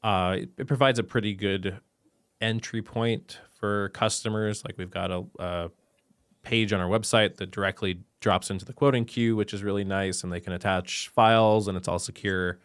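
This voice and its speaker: A man, a machine shop co-owner and podcast guest, talking in an animated, exasperated rant during a casual conversation. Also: fairly low pitch, moderate pace, clear, resonant tone, no room sound.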